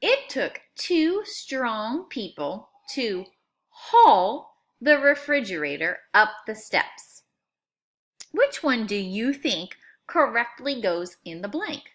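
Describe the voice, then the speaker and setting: Lively, slow-paced woman teaching phonics. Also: a little high. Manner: slow, clear, exaggerated sound-outs; friendly, coaxing tone to children. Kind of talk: phonics lesson for young students.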